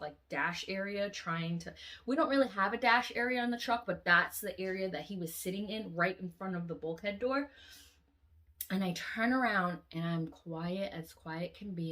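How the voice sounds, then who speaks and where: A woman vlogger telling a long dream story in an animated, casual way, swearing often and acting out the lines. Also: lowish voice.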